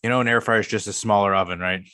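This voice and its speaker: Blunt, low-voiced young man arguing. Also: steady tone, racing, pushed and bright, clean tone. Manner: blunt, argumentative, swears often. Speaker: podcast co-host. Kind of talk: casual chat.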